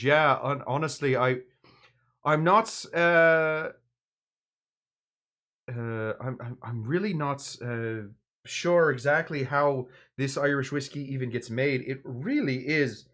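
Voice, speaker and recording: A man's voice: medium pitch, measured pace, fairly bright tone. A man hosting a casual drinks livestream, rambling and hesitant, bluntly critical of what he tastes. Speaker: livestream drinks show host.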